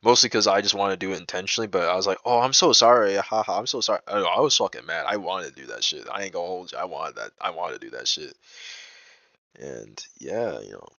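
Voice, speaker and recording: Gravelly young man venting a story. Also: deep voice, fast talker, bright, forceful tone, no echo, lo-fi sound. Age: young adult. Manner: rambling and profane, heavy on fillers like "bro"; agitated, indignant retelling. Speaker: vlogger telling a personal story. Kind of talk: casual storytime.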